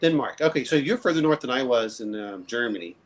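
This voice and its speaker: A man's voice: medium pitch, lively intonation, quick pace, poor audio. A man from the southern US hosting a casual group chat, rambling, restarting his sentences and laughing often. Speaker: livestream host.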